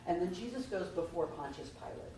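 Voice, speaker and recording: A woman's voice: lowish voice, animated, brisk, mellow. A woman minister, giving a conversational Easter sermon and asking the congregation questions, heard from a distant mic in a church. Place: church sanctuary. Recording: distant mic, very echoey hall, faint noise.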